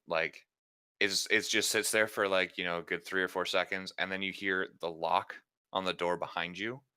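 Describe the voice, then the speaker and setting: Deep, bright-toned game master man. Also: smooth. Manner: rambling descriptions full of fillers and self-corrections; laughs often between lines. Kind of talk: narrating a tabletop game.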